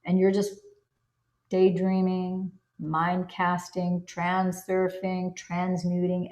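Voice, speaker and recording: Woman, self-help coach, earnest, slightly low voice, roomy echo. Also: darkish tone. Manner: earnest, coaching, acts out inner self-talk. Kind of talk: spoken self-help teaching.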